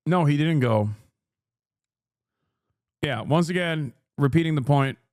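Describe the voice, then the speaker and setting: A man's voice: on the high side, slow pace, a little mellow, no echo, clean studio sound. A man hosting a live stream, reacting to clips with exasperated, profane ranting. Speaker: streamer host.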